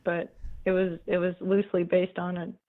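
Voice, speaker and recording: A woman's voice: lowish voice, flat delivery, moderate pace. A woman calling in to a comedy show, rambling through a retold fable with lots of fillers and casual swearing. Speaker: caller. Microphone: telephone. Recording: tinny phone line.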